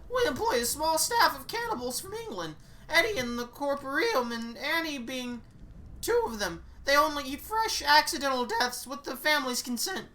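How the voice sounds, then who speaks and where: A woman voicing a chipper female guide in a game who explains eerie lore in a brisk, matter-of-fact way. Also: sits high, sing-song, sharp tone, pitched above the performer's own voice, heavily acted. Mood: cheerful.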